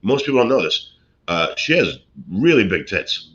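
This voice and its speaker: A middle-aged man from Brooklyn tells showbiz stories in a rambling, easygoing way, circling back with restarts and fillers. His voice sits fairly low but has a tense, bright edge. The recording sounds dull and lo-fi. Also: sing-song, moderate pace. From Brooklyn, USA. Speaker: actor and comedian guest. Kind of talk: casual chat, anecdotes.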